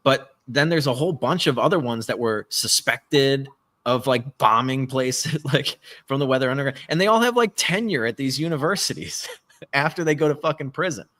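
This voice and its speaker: A man co-hosting a live podcast, talking in a rambling, animated way and swearing often. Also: medium pitch, moderate pace. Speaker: podcast co-host. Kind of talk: casual political chat. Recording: live stream call.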